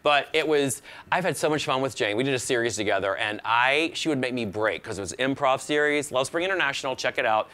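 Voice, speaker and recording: A man's voice: medium pitch, fast talker, few pauses, sharp tone. A man, a comedian guest, telling gossipy anecdotes in casual chat and acting out quotes. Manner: chatty, gossipy storyteller who acts out quotes.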